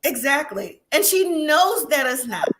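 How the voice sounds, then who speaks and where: Chatty, opinionated woman host with a bright, slightly high voice for a casual review stream. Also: big pitch swings, measured pace. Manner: chatty, opinionated, laughs often. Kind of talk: casual live review chat.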